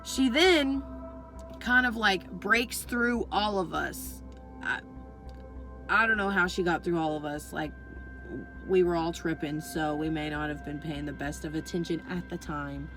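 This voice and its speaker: Young adult female vlogger, loose rambling storyteller, heavy profanity, soft music bed underneath. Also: fairly low pitch, measured pace, low-quality recording. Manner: swears freely, rambling with constant fillers. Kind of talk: casual storytelling.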